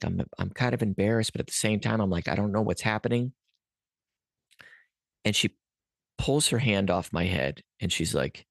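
Low gravelly man telling a story. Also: no echo, studio quality. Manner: rambling, many restarts and fillers; earnest, animated at peaks. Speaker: podcast guest. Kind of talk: storytelling a personal experience.

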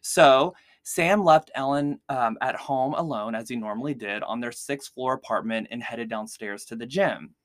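A man's voice: mid-range voice, moderate pace, hardly any pauses, dry recording. A man hosting a podcast, casually telling a true-crime story with lots of "like" fillers. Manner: chatty, heavy use of "like" fillers. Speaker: podcast host.

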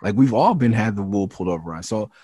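A man who raps, from the Los Angeles area, talking frankly and with a lot of swearing in a casual interview, and getting louder when he is heated. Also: fairly low pitch, expressive, quick pace, husky, dry recording. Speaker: rapper and interview guest. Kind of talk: candid casual interview talk.

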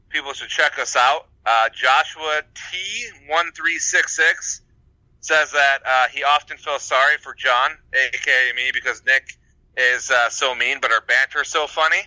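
A man co-hosting a casual chat show, talking in a halting way with lots of fillers and restarts. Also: medium pitch, pushed and bright, no echo, low-quality recording. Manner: hesitant, many fillers and restarts. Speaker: podcast co-host.

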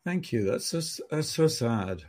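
A man hosting a radio talk show, chatty and quick to laugh, sometimes rambling through his thoughts. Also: medium pitch, big pitch swings, darkish tone. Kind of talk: casual talk radio chat.

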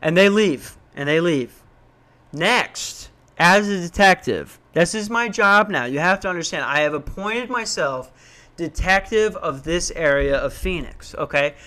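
Self-mocking man telling a story. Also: unhurried. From Minnesota. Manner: animated, self-mocking, swears, jumps into high voices when quoting. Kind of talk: casual storytelling rant.

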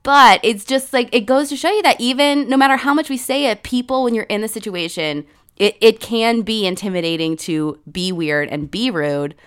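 A woman's voice: on the high side, normal speed, clear, resonant tone. A woman co-hosting a podcast in a casual chat, telling stories animatedly and acting out what people said. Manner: animated, acts out quoted dialogue, frequent "like". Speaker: podcast co-host.

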